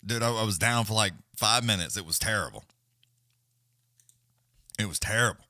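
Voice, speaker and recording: A man's voice: lowish voice, normal speed, no echo, clean studio sound. A man hosting a live stream, rambling casually with lots of swearing. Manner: rambling, profane, animated. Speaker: livestream host.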